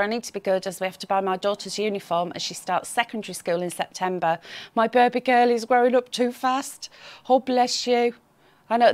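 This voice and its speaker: Female craft-show host, cheerful and teasing, slightly croaky, dry studio sound. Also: mid-range voice, dry recording. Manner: chatty, reads viewer comments aloud, teasing and cheerful. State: slight frog in the throat. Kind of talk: live shopping show chat.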